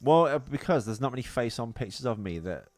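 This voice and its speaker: A man's voice: medium pitch, expressive, fairly quick, a loud crowd. A man hosting a casual movie podcast, talking in a rambling way with lots of fillers and restarts. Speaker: podcast host. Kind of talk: casual movie-commentary chat.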